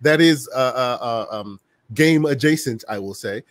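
A man hosting a casual gaming podcast, talking in an animated, chatty way with lots of fillers and restarts. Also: mid-range voice, moderate pace, no room sound. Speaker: podcast host.

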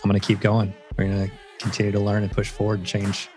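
A man's voice: on the low side, monotone, fast talker, darkish tone, faint music behind. A man speaking as a guest author in a casual interview, earnest and reflective, with many filler words.

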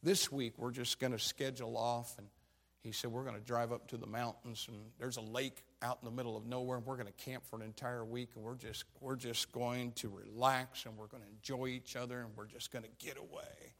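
Guy preaching, gravelly voice, tells a story w quotes, gets real quiet then shouts. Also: little pitch movement, a little fast. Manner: retells a story, quoting others, voice rising to shouts and dropping low. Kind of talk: sermon storytelling.

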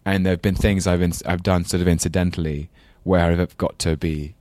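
A man in his thirties with a London accent talks loosely as an interview guest, drifting between thoughts and laughing at his own stories. His voice sits very low. The sound is close and dry. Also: fairly even intonation, a little fast, warm tone, no room sound. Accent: London English. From England. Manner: rambling, self-deprecating, laughs often. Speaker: actor guest. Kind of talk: casual interview chat.

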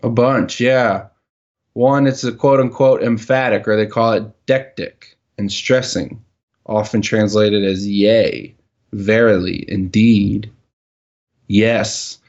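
A man's voice: lowish voice, fairly even intonation, slow, darkish tone, muffled recording. Exacting man teaching Hebrew. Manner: questioning, exacting, jokey. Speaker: teacher leading a Hebrew reading session. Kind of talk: casual teaching dialogue.

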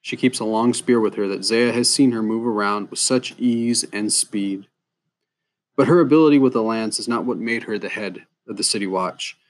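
A man narrating a fantasy story in a measured, unhurried way. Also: on the low side. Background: soft guitar music.

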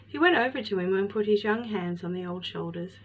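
A woman narrating a storybook tale in an expressive, measured way. Her voice sits in a middle pitch. The recording is slightly muffled, with a faint hiss beneath.

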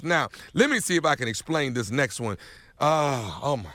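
Man, mid pitch, dry studio sound, hyped and teasing, radio comedian. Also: expressive, normal speed, a bit bright, dry recording. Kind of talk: radio show banter and promo.

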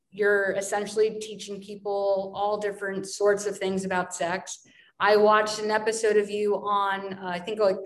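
Female host, friendly casual interviewer, mid pitch, echoey room sound. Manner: friendly, asks rambling questions. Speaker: podcast host.

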